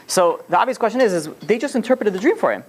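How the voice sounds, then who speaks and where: A man's voice: high-pitched, big pitch swings, quick pace. A man teaching a religious lesson in a casual, rambling storytelling way, full of fillers and restarts. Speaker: Torah teacher.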